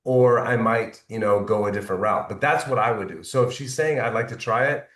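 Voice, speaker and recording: Here the speaker is a man running a network marketing team, coaching them on sales follow-up with motivational repetition and frequent "right?" check-ins. His pitch is fairly low, his tone fairly bright, and he talks a little fast. The sound is roomy, with the mic far away.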